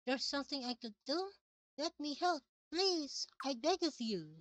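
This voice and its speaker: A woman's voice: high-pitched, expressive, unhurried, fairly bright tone. A woman voicing a timid, kind young female puppeteer who speaks earnestly and eagerly. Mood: pleading.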